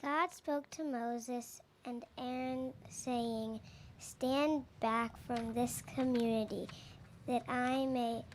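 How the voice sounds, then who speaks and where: A woman from the congregation reading scripture aloud, slowly and hesitantly, from some distance. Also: on the high side, steady tone, slight background noise. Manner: hesitant, halting. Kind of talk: slow careful reading aloud.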